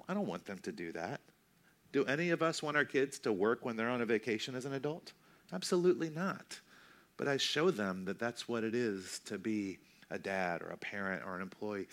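A man in his thirties preaching a sermon in a conversational, self-deprecating way, slowing down for emphasis. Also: medium pitch, a bit bright. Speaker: pastor.

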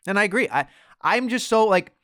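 High-pitched man, lively profane rant. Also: brisk, dry recording, clean studio sound. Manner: animated, profane, mimics others in quoted bits. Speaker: podcast co-host. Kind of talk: casual wrestling podcast chat.

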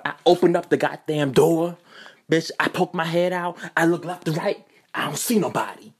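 A woman telling a comic story casually, animated and heavy on profanity. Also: lowish voice, normal speed. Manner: profane, animated, loud exclamations. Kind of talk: comedic storytime.

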